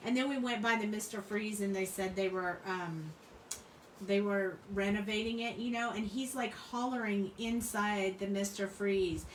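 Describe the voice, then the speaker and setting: Here a middle-aged crafting channel host speaks in a mid-range voice at a moderate pace, casually rambling and laughing frequently as she works. The room sounds spacious, the mic is distant, and there's slight background noise.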